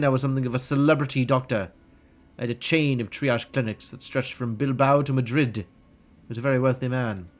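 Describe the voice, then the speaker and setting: A haughty, melodramatic elf doctor fallen from grace, as a man reads him aloud from a game. He speaks smoothly and grandly, at a middle pitch. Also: natural voice. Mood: self-pitying. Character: pompous disgraced male elf doctor. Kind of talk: reading game dialogue aloud.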